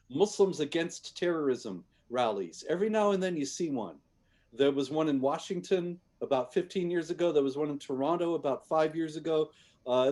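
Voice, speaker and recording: A man's voice: on the high side, a little mellow. A man speaking as a guest in a conversation, making his case emphatically with frequent restarts. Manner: emphatic, repeats words on restarts. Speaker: guest commentator. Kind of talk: conversational argument.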